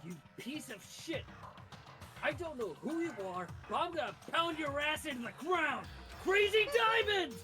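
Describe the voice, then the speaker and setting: A man voicing a hot-headed young male gang leader in a fan game reading, yelling and swearing. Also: very high-pitched, sing-song, normal speed, music in the background. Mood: furious. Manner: yelling, foul-mouthed.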